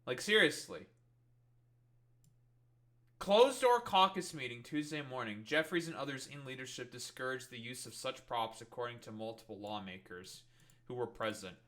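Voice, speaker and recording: A man's voice: mid-range voice, normal speed, a bit bright. A man streaming, ranting with profanity and exasperation while reading political news aloud. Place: home streaming setup.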